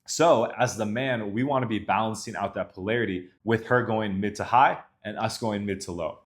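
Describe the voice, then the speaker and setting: A man speaking casually to camera as a dating coach, explaining calmly and directly. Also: lowish voice. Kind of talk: instructional talk to camera.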